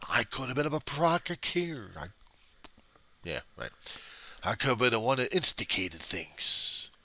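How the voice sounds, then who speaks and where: A man's voice: deep voice, bright, forceful tone. A man in a rambling, profane and sarcastic rant, recorded on a webcam at home.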